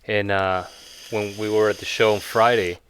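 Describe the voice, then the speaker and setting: A man's voice: fairly low pitch, level tone, moderate pace, fairly bright tone, slight background noise. A man hosting a casual podcast chat, talking in a laid-back, profane way and laughing easily. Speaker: podcast host.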